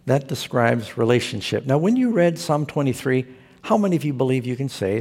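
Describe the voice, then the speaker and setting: A man's voice: mid-range voice, very animated, brisk, darkish tone, slightly rough. A man preaching a sermon, telling stories with humor and putting rhetorical questions to his congregation. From Southern California. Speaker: pastor.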